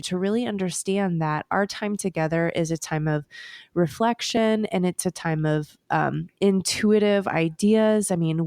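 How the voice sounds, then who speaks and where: An earnest, effusive woman talks about her coaching work as a podcast guest. Her voice sits a little low. The sound is dry and close, with no room around it. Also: a little mellow, dry recording. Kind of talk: casual interview chat.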